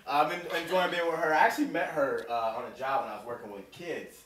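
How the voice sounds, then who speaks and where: A man in his thirties doing an animated stand-up comedy set, telling a story and acting out the other people's voices. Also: on the high side, fast talker. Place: comedy club stage. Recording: roomy club sound from far off with crowd laughter. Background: audience laughing.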